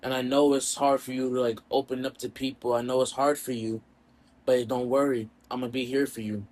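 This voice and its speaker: Man voicing a gentle young cartoon heroine, soft and comforting. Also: medium pitch, fairly even intonation, slow pace, pitched below the performer's own voice. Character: gentle young cartoon woman, caring and reassuring.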